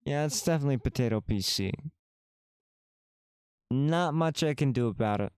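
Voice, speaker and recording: A man's voice: mid-range voice, expressive, normal speed, darkish tone, clear, resonant tone, no echo, studio quality. A man streaming a visual novel, reading the game text aloud with casual, wry asides to his chat.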